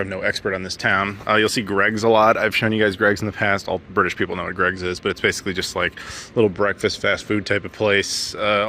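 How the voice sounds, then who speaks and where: Man, from the US, travel vlogger, bright voice, joking, street recording, faint noise behind. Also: fairly low pitch. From United States. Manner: chatty, joking, rambling with many fillers. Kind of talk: casual walking vlog. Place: outdoors on town streets.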